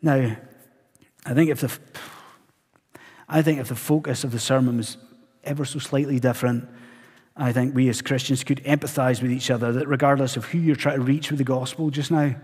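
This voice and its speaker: A man preaching a sermon live in a church, animated and constantly asking the congregation questions. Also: mid-range voice, brisk, breathy edge. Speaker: pastor. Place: church sanctuary. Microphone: live church recording. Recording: long church reverb.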